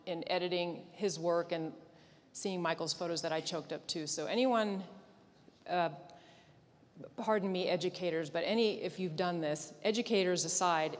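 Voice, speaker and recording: A woman, a newspaper editor, speaking earnestly and directly to students at a conference. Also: on the low side. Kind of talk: conference talk. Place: large convention hall. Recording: echoey hall.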